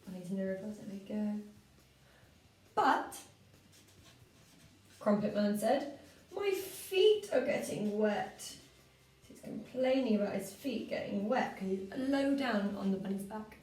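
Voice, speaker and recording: A woman, a primary school teacher, giving a story-writing lesson for children in a clear, patient way, with lively expressive reading. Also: mid-range voice, measured pace, pauses often. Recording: roomy, from a distance.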